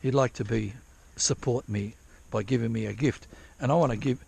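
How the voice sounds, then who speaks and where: A man with a gravelly, husky voice talks outdoors at a dig site in light rain. He rambles in loose, profane asides, breaking off and restarting his sentences as he goes. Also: medium pitch, normal speed, a little mellow. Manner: rambling, profane, self-interrupting. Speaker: vlogger prospecting for gold. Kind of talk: casual rambling vlog.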